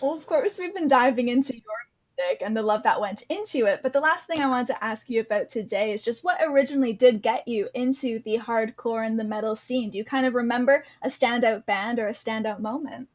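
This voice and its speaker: A woman interviewer with a slightly high voice keeps the conversation light and chatty. She laughs easily between questions. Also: fairly quick. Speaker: interview host. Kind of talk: casual video interview.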